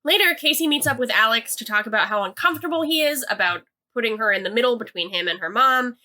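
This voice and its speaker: A young woman co-hosting a podcast recaps a TV episode casually, her fairly high voice fast, pushed, and bright. She's chatty, hedges constantly with "like," and reads quotes out loud.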